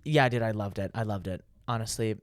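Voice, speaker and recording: A young man co-hosting a podcast in casual chat, excitable, swearing freely and cutting in. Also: lowish voice, brisk, dry recording, clean studio sound. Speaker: podcast co-host.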